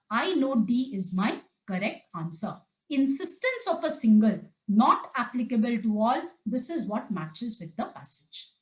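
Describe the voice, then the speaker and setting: A woman teaches a live prep class in a high voice. She keeps firing questions at her students and then answers them herself. The room echoes noticeably around her. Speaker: test prep tutor. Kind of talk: live online class lecture.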